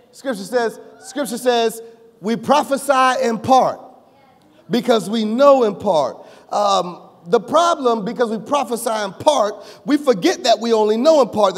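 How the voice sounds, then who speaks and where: High-voiced preacher in an echoing hall. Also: male voice. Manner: rising to shouts, joking with the congregation. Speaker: pastor. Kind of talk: preaching a sermon. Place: church sanctuary. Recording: long reverb of a church hall.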